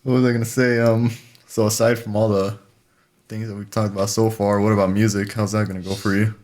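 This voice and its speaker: A man's voice: on the low side, level tone, darkish tone. Laid-back, swearing young man. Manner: laid-back, profane, quick to laugh. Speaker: podcast co-host. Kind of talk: casual chat.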